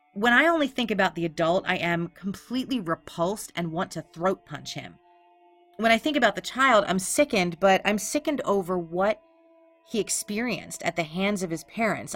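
A woman's voice: fairly low pitch, fairly bright tone. A woman hosting a true-crime podcast, narrating casually in a blunt, sarcastic way and swearing freely. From Philadelphia. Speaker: podcast host.

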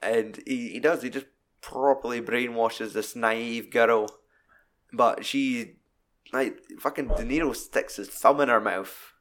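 Taking his time, a man with a typical mid-range voice retells a movie's plot in a relaxed, rambling way, cursing nonstop. He is animated throughout, restarting sentences and wandering into asides.

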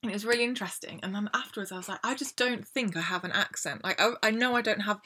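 A woman's voice: mid-range voice, fast, bright, forceful tone, slightly rough. A woman in her twenties with an East Midlands English accent, co-hosting a casual chat podcast. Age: 20s. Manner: chatty, questioning, laughs easily. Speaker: podcast co-host.

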